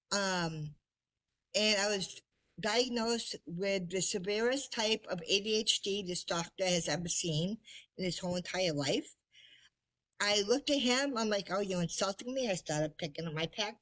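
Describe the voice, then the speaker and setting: Slow-talking woman telling a story. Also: mid-range voice. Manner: lively, laughs often, self-deprecating. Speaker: podcast guest. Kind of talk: casual storytelling.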